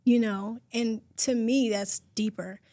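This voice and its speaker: A woman in her forties co-hosting a podcast, talking in a heartfelt, open, expressive way. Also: on the high side, slow, dry recording, clean studio sound. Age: 40s. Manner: heartfelt and expressive, talks openly and at length. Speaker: podcast co-host. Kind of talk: casual podcast chat.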